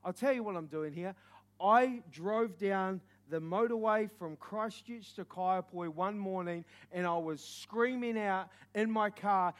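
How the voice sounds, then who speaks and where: A young man with a New Zealand accent, preaching with stories, animated and joking, sometimes shouting. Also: high-pitched, unhurried. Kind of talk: sermon with stories.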